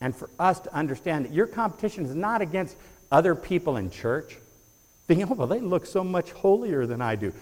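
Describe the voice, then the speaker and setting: A man preaching a sermon to his congregation, moving from quiet reflection to rising, fervent emphasis. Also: on the high side, very animated, brisk, long reverb tail. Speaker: pastor. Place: church sanctuary before a congregation.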